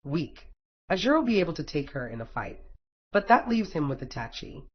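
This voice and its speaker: A man's voice: a little high, very animated, a little fast, slightly rough. A man reading a fan fiction story aloud in a wry, casual storytelling manner. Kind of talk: audiobook narration. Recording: dull lo-fi recording.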